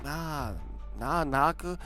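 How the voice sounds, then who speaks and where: A man hosting a casual read-along, reading an old text aloud and breaking in with excited, slangy asides that often end in "man" or "boy". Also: on the high side, takes it slowly, faint music behind.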